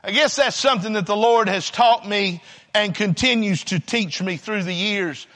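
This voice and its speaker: Bright-voiced preacher with booming dynamics. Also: male voice, moderate pace, long reverb tail. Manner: dramatic, swinging between shouting and hushed near-whispers. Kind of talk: sermon.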